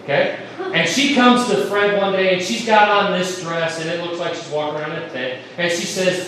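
High-voiced preacher in an echoey church. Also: male voice, a little fast, fairly bright tone, slight background noise. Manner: folksy, joking, emphatic preaching. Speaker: pastor. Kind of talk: sermon. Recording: echoey room, mic at a distance.

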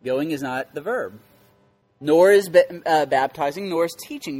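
Male pastor, slightly raised pitch, teaching scripture with strong stress and questions to the room. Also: a little slow, a little mellow. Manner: emphatic, repeats key words and quizzes listeners. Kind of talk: interactive Bible teaching.

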